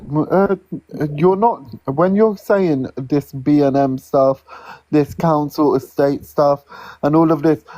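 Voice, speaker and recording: A man speaking haltingly on a live stream, stopping often on filler sounds. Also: high-pitched, a little mellow, no room sound, low-quality recording. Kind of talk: live chat.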